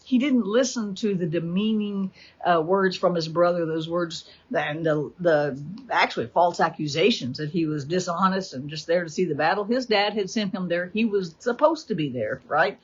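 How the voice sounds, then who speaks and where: A woman teaching a Bible study, retelling the story with animated energy and acting out the quotes. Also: on the low side, moderate pace, slightly rough. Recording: dull lo-fi recording.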